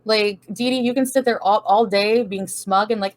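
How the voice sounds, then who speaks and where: A woman's voice: medium pitch, normal speed, a little mellow, no echo. Blunt, profane woman livestreamer. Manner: blunt, profane, defiant, laughs often. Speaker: livestream host answering chat. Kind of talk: casual livestream chat.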